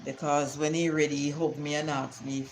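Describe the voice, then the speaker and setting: A woman's voice: low voice, little pitch movement, normal speed, a little hiss or hum, poor audio. Rambling older grandmother on stream. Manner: rambling storytelling with Bible sayings. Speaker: live-stream host. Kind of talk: casual live-stream chat.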